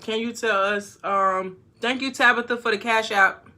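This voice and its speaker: A woman on a casual livestream, reading viewer comments aloud and answering them frankly, with sudden loud bursts. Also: a little high, steady tone, moderate pace. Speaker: YouTuber answering live chat. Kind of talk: casual live-stream chat.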